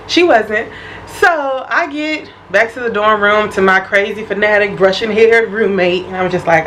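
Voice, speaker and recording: A young woman vlogger telling a personal story in an animated, expressive, casual way. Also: mid-range voice, normal speed, a little hiss or hum, poor audio. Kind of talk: storytime vlog.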